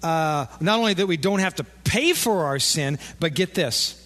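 A man preaching a sermon as pastor, animated and playing out imagined conversations with his listeners. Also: on the high side, normal speed, soft background music. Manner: animated, acts out imagined dialogue. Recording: long echo of a large hall.

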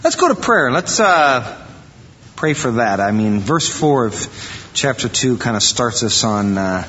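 A pastor from Iowa giving a conversational, animated sermon to his church, acting out quoted voices now and then. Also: medium pitch, measured pace, slight background noise. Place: church sanctuary. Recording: dull reverberant church recording.

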